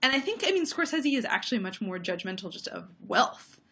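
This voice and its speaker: A woman's voice: on the high side, big pitch swings, fairly quick, fairly bright tone, slight background noise. A woman film critic talking through her views on movies in a thoughtful, analytical way, with many fillers, over a remote call. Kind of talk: casual conversation about movies.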